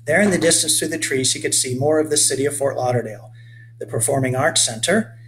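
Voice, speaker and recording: A man's voice: medium pitch, fast talker, a bit bright, slight background noise. An older man, the author, reading his children's story aloud and stopping now and then to explain things to young listeners.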